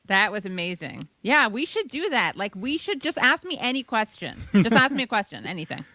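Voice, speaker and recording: A woman's voice: on the high side, very animated, sharp tone, no echo. Sardonic woman hosting a chat. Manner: sardonic, swearing, quick asides. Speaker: host. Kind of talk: casual chat.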